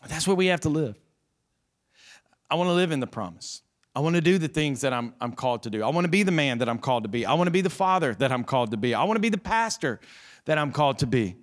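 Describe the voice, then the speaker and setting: At a church service, a middle-aged pastor preaches an earnest, impassioned sermon, talking fast with lively intonation in a mid-range voice. He repeats phrases for emphasis while the band plays soft music behind him.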